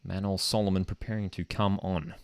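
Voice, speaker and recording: Brief: man, football watchalong host, low voice, casual and keen. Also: flat delivery, a little fast, clean tone, no echo, studio quality. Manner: casual and enthusiastic, often says "man". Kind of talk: live match watchalong commentary. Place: home streaming desk setup.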